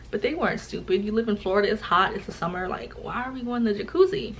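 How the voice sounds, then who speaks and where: A woman's voice: mid-range voice, moderate pace, a little hiss or hum, poor audio. A young woman, telling a personal story in a casual vlog chat and acting out the voices of the people in it. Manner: animated, acts out quoted voices. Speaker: vlogger.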